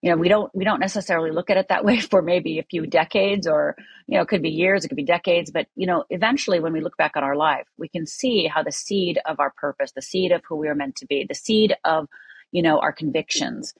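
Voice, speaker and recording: A middle-aged woman from Upper Michigan with a low, husky voice, speaking earnestly and candidly as a podcast guest. She tells her story plainly with many fillers, recorded close and dry. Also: fast, no room sound. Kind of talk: personal storytelling.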